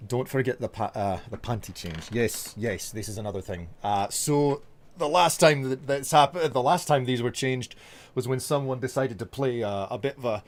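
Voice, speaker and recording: A Scottish man with a medium-pitched voice talks at a moderate pace as a gaming streamer, reading out viewer messages and replying with hesitant fillers during a live stream chat.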